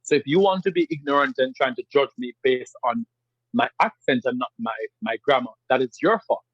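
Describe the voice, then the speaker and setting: Podcast guest, a man with a strong Jamaican accent: emphatic and husky, in a dry, dull-sounding recording. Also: medium pitch, a little fast, dry recording. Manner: emphatic, animated explaining with repetitions. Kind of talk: podcast interview.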